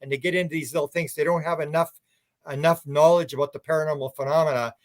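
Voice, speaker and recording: A man's voice: fairly high pitch, fairly even intonation, quick pace. A man guest on a radio talk show, telling rambling anecdotes with many restarts. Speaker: UFO researcher guest. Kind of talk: casual radio interview chat.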